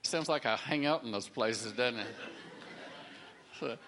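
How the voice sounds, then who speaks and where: A man's voice: medium pitch, measured pace, pushed and bright. Middle-aged man, casual faith testimony, rambling storyteller with many restarts. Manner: rambling, repeats words, acts out quoted people.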